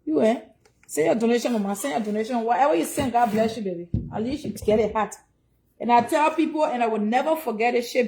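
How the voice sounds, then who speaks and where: Liberian woman streamer, high voice, chatty, preaches about giving. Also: a little mellow. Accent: Liberian English. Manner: chatty and preachy, urging donations. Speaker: livestream host. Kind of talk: casual livestream chat.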